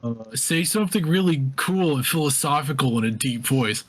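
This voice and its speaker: A man's voice: on the high side, expressive, normal speed. A man playing a tabletop game, teasing his friends and hesitating with fillers. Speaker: player. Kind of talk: casual tabletop play.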